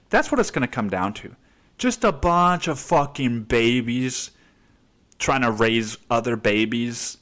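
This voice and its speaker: This man's voice is medium in pitch and a bit bright. Hosting a podcast, he delivers a rambling, profane rant, packed with curses and frequent uses of "dude."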